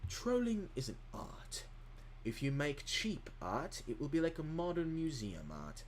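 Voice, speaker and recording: A man voicing a mock posh British man who pronounces on art, with a put-on British accent and a slow, dry, pompous delivery. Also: on the high side, sing-song, a little hiss or hum.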